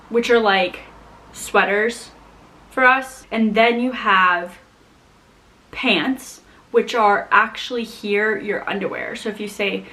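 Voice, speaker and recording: A young woman from the United States chatting casually to camera as a vlogger, animated and full of "like". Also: mid-range voice, a little hiss or hum, low-quality recording. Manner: chatty, animated, heavy use of "like". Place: home in Scotland.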